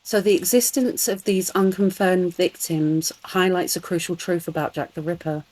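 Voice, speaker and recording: A woman with a London accent co-hosts a casual podcast, talking through case details in an earnest, relaxed way. Her voice sits a little low for a woman. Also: normal speed, poor audio. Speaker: podcast co-host. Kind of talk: casual chat.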